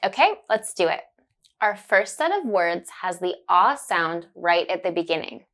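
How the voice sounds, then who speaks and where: A woman teaching a pronunciation lesson, repeating words slowly and clearly and praising the listener with upbeat cheer. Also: fairly low pitch, lively intonation, a bit bright. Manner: drawn-out, deliberate word drills with upbeat praise.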